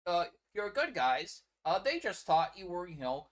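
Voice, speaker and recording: A sweet, naive young policewoman, as a man puts her on, talking in a babyish singsong. She rides high and lilting, brushing off grim matters. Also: sing-song, a little slow, a bit bright, exaggerated voice. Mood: mocking sugary. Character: mocking sugary naive young woman officer.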